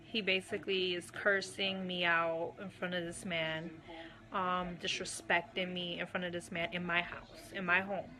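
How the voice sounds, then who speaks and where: A woman giving a candid personal account as a guest, unhurried and full of "um" and "you know". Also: fairly low pitch, level tone. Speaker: guest recounting her marriage.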